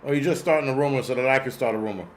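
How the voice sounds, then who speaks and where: A man in his forties, hosting a loose livestream and swearing constantly as he rambles from one gripe to the next. His voice sits at an ordinary middle pitch, with a faint hiss of noise behind it as he answers his chat. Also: rapid-fire. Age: 40s. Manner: profane, rambling, talks back to chat. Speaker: host. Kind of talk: casual livestream rant.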